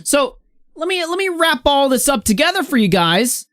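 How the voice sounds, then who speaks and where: A woman's voice: sits high, big pitch swings, moderate pace, a bit bright, dry recording, studio quality. Blunt, profane young woman ranting on stream. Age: late teens. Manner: ranting, blunt and profane, reads posts aloud. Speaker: host of a live commentary stream. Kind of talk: live online commentary.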